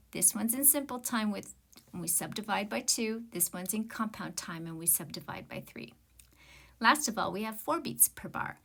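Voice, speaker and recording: A woman's voice: medium pitch, creaky, a bit bright. A woman music teacher giving an online rhythm lesson, explaining patiently and counting and chanting rhythm syllables aloud.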